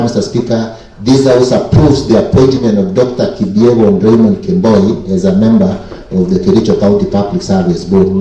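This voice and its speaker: A man from Kenya delivers a formal committee report in a county assembly, working "Mister Speaker" into nearly every phrase. His voice is low and dark. He sits back from the microphone in a very echoey chamber. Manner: repeats 'Mister Speaker' constantly, formal and deliberate. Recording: echoey chamber, distant mic.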